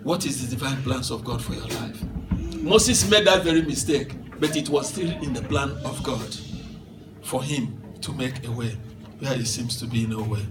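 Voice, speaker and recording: A man in his fifties preaching a sermon as pastor, swinging from soft asides to shouted declarations and laughing through his stories. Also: mid-range voice, normal speed, noisy background. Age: 50s. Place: church hall. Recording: echoey church hall from far off, with music.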